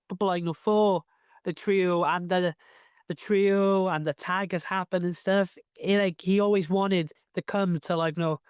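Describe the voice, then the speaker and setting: A young Welsh man with a Cardiff accent talks in a high, clear voice. He chats loosely as an interview guest and keeps circling back with fillers and restarts. The sound is close and dry. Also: no room sound. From Wales. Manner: rambling, lots of fillers and restarts. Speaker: professional wrestler, guest. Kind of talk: casual interview chat.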